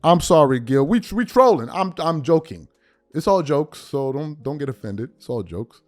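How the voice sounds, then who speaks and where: A man's voice: fairly high pitch, normal speed, dry recording. A man hosting a podcast, giving blunt, mocking sports commentary. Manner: animated, blunt and mocking, with mock-quoted asides. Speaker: podcast host. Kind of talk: opinionated commentary.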